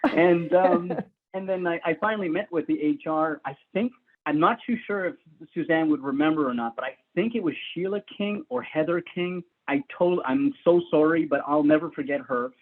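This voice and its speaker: A man's voice: on the high side, moderate pace. A man guest telling stories about his early career in a casual, rambling way, laughing often and restarting sentences. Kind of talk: casual storytelling. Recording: tinny phone-like line.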